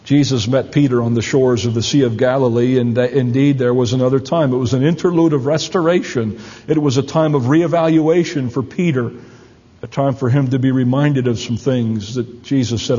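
A man's voice: medium pitch, fairly even intonation, fairly quick, mellow, slightly rough. A man preaching a sermon as a pastor, speaking earnestly and with emphasis. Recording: long hall reverb, dull lo-fi sound.

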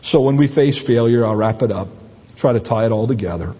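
Husky-voiced pastor preaching in a reverberant hall. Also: male voice, medium pitch, brisk, dark tone. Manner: earnest, emphatic preaching. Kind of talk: sermon. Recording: long hall reverb, dull lo-fi sound.

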